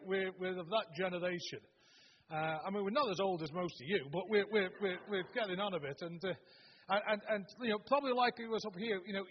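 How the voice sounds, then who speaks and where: A man in his seventies with a Stoke-on-Trent accent, opening a sermon with homely, humorous stories, often halting and restarting. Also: high voice, a little hiss or hum. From Stoke-on-Trent, England. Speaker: preacher. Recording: dull, long-reverb hall recording.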